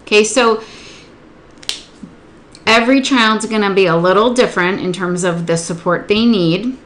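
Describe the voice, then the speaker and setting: A woman teaching early literacy, explaining a workbook lesson step by step and slowing down to sound out words and syllables. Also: medium pitch, fairly bright tone. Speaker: literacy tutor. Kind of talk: instructional demonstration.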